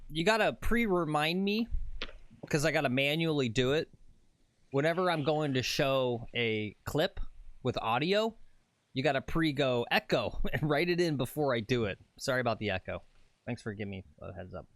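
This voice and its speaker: A man's voice: mid-range voice, expressive, moderate pace, fairly bright tone, dry recording. A man co-hosting a golf livestream, talking casually to viewers with hesitant fillers. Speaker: co-host running the livestream.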